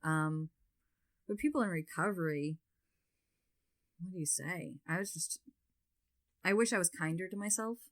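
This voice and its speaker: A woman talking as a podcast guest in casual conversation, filling her speech with "like" and growing lively as she tells stories. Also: fairly low pitch, measured pace, pauses often. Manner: chatty, filler-heavy, frequent "like"; grows loud and lively when telling stories.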